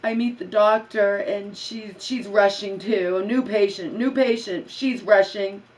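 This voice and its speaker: A woman's voice: mid-range voice, steady tone, measured pace, distant mic, low-quality recording. Agitated woman ranting, a bit off-mic. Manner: agitated, swearing, repeats herself. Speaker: vlogger. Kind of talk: angry personal rant.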